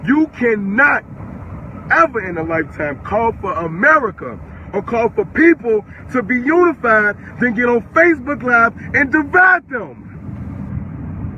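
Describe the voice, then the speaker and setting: High-voiced, furious eighteen-year-old man. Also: very animated, measured pace, pushed and bright, highs cut off, slight background noise. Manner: furious, profane, repeating his questions. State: upset and worked up. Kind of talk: angry live-stream rant.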